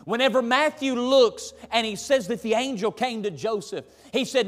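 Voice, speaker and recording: A man, preaching a sermon in an animated, folksy, emphatic way, recorded in a church sanctuary. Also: extremely high pitch, a little slow, few pauses. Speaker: pastor. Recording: reverberant church hall.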